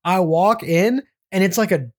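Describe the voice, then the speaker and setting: A man's voice: high voice, normal speed. A man co-hosting a podcast who tells a story in a rambling, casual way and often laughs as he goes. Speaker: podcast co-host.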